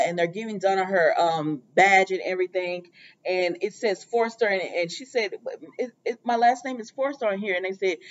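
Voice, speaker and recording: A woman casually recapping a soap opera episode, retelling scenes with quoted lines, many fillers and exasperated asides. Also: medium pitch. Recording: dull lo-fi audio.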